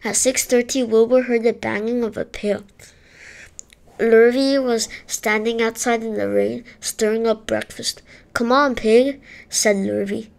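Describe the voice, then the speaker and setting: Woman, storybook read-aloud, steady pace, somewhat high voice. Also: unhurried, vocal fry. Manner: steady storytelling with small slips. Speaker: storybook reader. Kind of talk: reading a children's book aloud.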